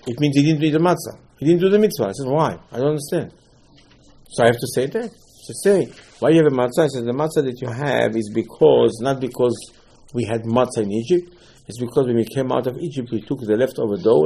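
Rabbi guy teaching seder laws, husky voice, tells stories and repeats himself a lot. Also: medium pitch, low-quality recording. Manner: animated storytelling, acts out dialogue, repeats himself. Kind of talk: Torah class on Passover Seder.

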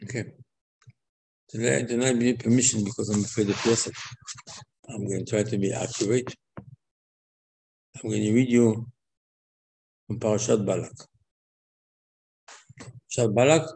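A man teaching a religious lesson in a lively storytelling way, acting out dialogue and repeating his words for emphasis. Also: lowish voice, normal speed, gravelly, long pauses.

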